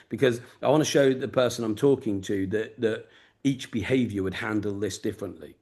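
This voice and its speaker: A man's voice: lowish voice, a little fast, a little mellow. A man with a Luton and Peterborough accent, mentoring a group over a video call in a blunt, sweary, straight-talking way. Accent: English, Luton and Peterborough. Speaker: business mentor. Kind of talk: casual mentoring session.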